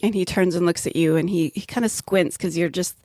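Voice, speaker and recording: A woman's voice: on the low side, fairly even intonation, fairly quick, darkish tone, no room sound, studio quality. A woman narrating as game master of a tabletop game, describing scenes with easy laughter.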